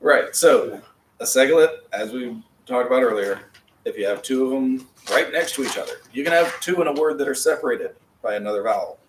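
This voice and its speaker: A man's voice: mid-range voice, expressive, a little fast, a little hiss or hum. A man teaching a Hebrew class, patiently explaining pronunciation step by step. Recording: echoey room, mic far off.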